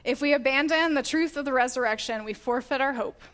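Woman preacher, earnest teaching tone, pitch on the higher side, warm scripture reading. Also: brisk. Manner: earnest, laughs often, self-correcting restarts. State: getting emotional.

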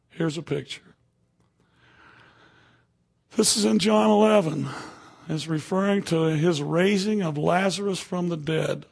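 A man's voice: a little high, vocal fry, husky. A man preaching a sermon to a room of people, talking conversationally and checking in with "okay?" and "you know" as he goes.

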